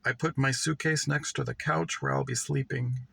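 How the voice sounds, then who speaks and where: Gravelly male reader of literary fiction. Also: medium pitch, steady tone, moderate pace, a bit bright, dry recording, poor audio. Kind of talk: literary reading.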